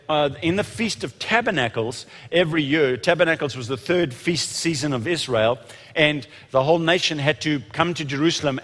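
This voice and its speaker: This preacher, whose voice sits slightly high for a man, gives an animated sermon full of stumbles and restarts before bursting into loud, emphatic passages and shouting when he quotes. A long reverb suggests a large hall.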